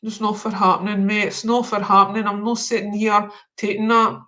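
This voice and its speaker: A man's voice: high-pitched, level tone, a little fast, pushed and bright. A man hosting a live stream, chatting casually with slangy, mock-confrontational banter. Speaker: livestream host.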